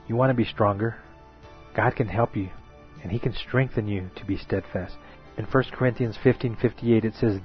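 A man preaching a sermon, often calling his listeners "folks" and building to emphatic peaks. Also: lowish voice. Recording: dull lo-fi recording with faint music.

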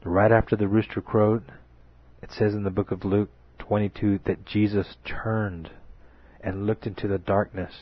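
A man's voice: on the low side, level tone, moderate pace, slightly rough, no echo. A man preaching a sermon, often calling his listeners "folks" and building to emphatic peaks. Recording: dull lo-fi recording with faint music.

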